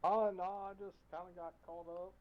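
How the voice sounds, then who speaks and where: A man's voice: sits high, flat delivery, normal speed, phone-quality sound. A man playing a character in a tabletop game, answering in a flippant, evasive way. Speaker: player.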